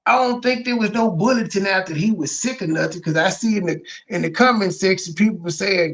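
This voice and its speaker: A commentary host reacts to a livestream clip, bluntly mocking it, piling up rhetorical questions and swearing freely as he picks it apart. His voice is high for a man, gravelly and creaky, fairly bright in tone. He talks fairly quickly with hardly any pauses.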